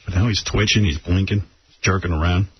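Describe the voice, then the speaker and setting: Husky-voiced male radio host, joking. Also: sits low, steady tone, fairly quick, dry recording. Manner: crude, joking. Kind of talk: casual radio chat. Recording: muffled radio broadcast.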